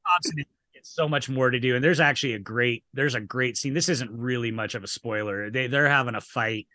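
Bright-voiced measured podcast man. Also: medium pitch, no room sound. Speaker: podcast co-host. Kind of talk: casual podcast chat.

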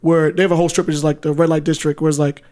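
A man co-hosting a podcast, chatting casually with loose, profane, animated storytelling. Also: on the high side, racing. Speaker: podcast co-host.

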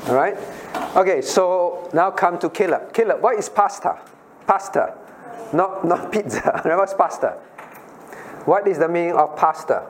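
A man's voice: high-pitched, lively intonation, moderate pace, slight background noise. A man, a pastor, teaching a Bible study class. He questions listeners by name and repeats his key phrases.

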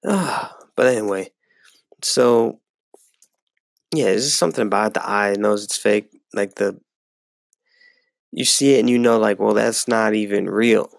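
Gravelly-voiced man rambling on a podcast. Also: fairly low pitch, measured pace, pauses often, no room sound, clean studio sound. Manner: rambling and profane, with frequent fillers. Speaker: podcast host. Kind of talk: casual solo sports podcast.

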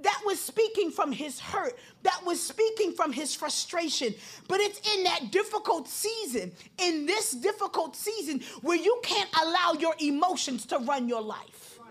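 High-voiced woman preaching with fervor. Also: expressive, unhurried, few pauses. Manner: impassioned preaching, repetitive building cadence, rising to shouts. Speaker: pastor. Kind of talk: sermon.

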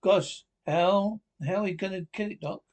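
A man voicing a nervous young male lab assistant who asks excited, frightened questions in a radio play. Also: high-pitched, normal speed, natural voice. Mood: scared.

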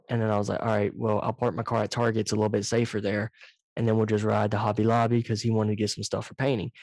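A man hosts a casual podcast over a video call, telling stories in an animated, profane way. His mic sits right up against him, so he comes through loud and close. The sound is dry. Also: lowish voice, dry recording. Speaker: podcast host. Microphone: too close to the microphone, loud.

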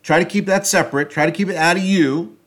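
A man's voice: fairly high pitch, fast talker. Man talking through a self-help topic. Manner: thinking aloud, loose and hesitant, many fillers and restarts, varying loudness. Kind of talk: reflective solo talk on self-help.

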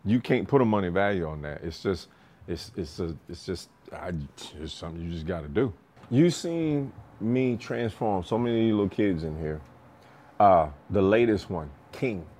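A boxing coach with a low voice, speaking at a moderate pace, tells casual podcast stories about his students. He's animated, laughs a lot, acts out other people's lines, swears freely, and restarts his sentences loosely.

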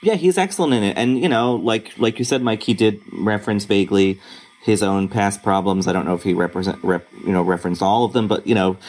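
A man's voice: fairly low pitch, fairly quick, a little mellow. A man co-hosting a podcast, musing casually with many restarts and fillers. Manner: rambling, hesitant, many fillers. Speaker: podcast co-host and critic. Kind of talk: casual panel chat.

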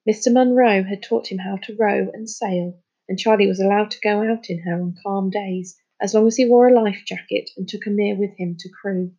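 Husky woman reading a storybook. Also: medium pitch, steady tone, normal speed, warm tone, dull audio. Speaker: storybook reader. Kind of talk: scripted narration.

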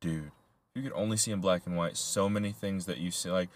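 Young guy podcast cohost, kinda low voice, rambles, laughs, swears a bunch. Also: fast. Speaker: podcast co-host. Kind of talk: casual chat.

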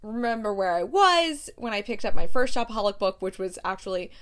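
A woman chats casually about books in a relaxed, laughing way, reacting with disbelief to what she reads. Her voice sits at an ordinary middle pitch. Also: a little fast. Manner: laughing, incredulous, reads blurbs aloud. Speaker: book vlogger. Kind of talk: casual book review chat.

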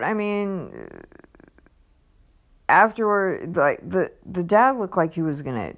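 Slow, low-voiced woman telling a story. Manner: rambling, lots of fillers and restarts; acts out others' lines with raised pitch. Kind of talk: casual personal storytelling.

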